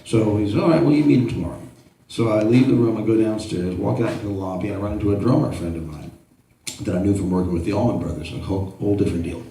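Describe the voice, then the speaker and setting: A man in his sixties, a photographer giving a gallery talk, telling anecdotes in an animated way and acting out the dialogue. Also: on the low side, fast, a little hiss or hum. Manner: animated storyteller who acts out dialogue. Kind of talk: anecdotal storytelling to an audience. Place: large indoor art gallery. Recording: very echoey room, far from the mic.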